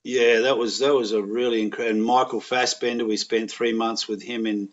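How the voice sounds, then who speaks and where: A man's voice: medium pitch, moderate pace. Australian man, middle-aged, rambling storyteller, slightly dull recording. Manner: rambling, animated anecdotes with voiced quotes. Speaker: podcast guest, actor. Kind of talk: casual storytelling chat.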